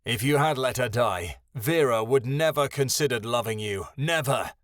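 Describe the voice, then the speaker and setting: A man voicing a defiant, hot-tempered young man who argues and yells nastily. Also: medium pitch, lively intonation, moderate pace, dry recording, studio quality, natural voice. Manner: defiant, nasty, yelling.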